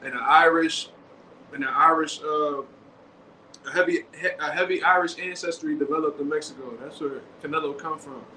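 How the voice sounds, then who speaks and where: A man hosting a casual commentary show, talking in animated slang. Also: on the high side, normal speed. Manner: animated, slangy, acts out quotes. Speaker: boxing show host. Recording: echoey room with faint background noise.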